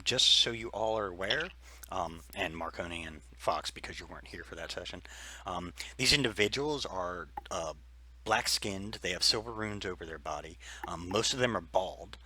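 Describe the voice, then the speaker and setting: Man, game master, deep voice, very bright tone, rambling, filler-heavy narration. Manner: loose, rambling description full of fillers.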